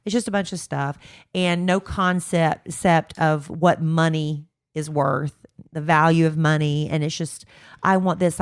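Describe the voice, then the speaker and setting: A woman's voice: deep voice, clean tone, dry recording, clean studio sound. A middle-aged woman co-hosting a podcast in casual chat, venting frankly while fighting a cold with a stuffed-up nose. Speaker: podcast co-host.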